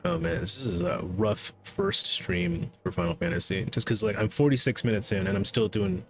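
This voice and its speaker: A man's voice: lowish voice, lively intonation, moderate pace, creaky, over music. A man streaming a game, chatting casually, brushing off the game's dialogue and stumbling over his words as he goes. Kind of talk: casual gameplay commentary.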